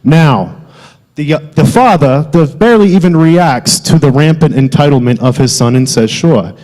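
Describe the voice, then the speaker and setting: A man playing a loud, wisecracking South Philly alter ego with a thick Philadelphia accent, delivering a comic sermon. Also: a little high, normal speed, lightly acted. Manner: exaggerated, wisecracking, loud street-corner banter. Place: theatre stage. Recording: long hall reverb.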